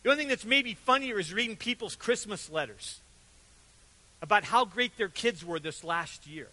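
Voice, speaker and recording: An older man preaching a sermon, telling animated stories and acting out quotes with sudden loud and soft turns. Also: high-pitched, moderate pace, rough recording. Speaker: pastor.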